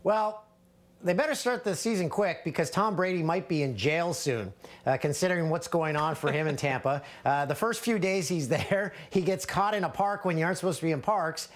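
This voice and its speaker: A man's voice: fairly high pitch, moderate pace. A man co-hosting a sports show from home, joking in a casual way, with plenty of hesitant "uh"s. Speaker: co-host. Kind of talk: sports talk.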